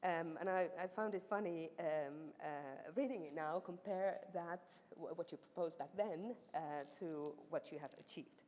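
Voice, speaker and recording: Her voice is on the low side and a little mellow, moving at a moderate pace with hardly any pauses. This woman supervisor's laudatio at a university ceremony is formal yet chatty and teasing, packed with fillers, recorded in an echoey hall with faint background noise.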